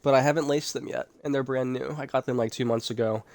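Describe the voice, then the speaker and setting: A man's voice: mid-range voice, steady tone, fast talker, gravelly, darkish tone, dry recording. A man co-hosting a podcast in casual chat, laid-back and offhand, making fun of himself. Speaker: podcast co-host.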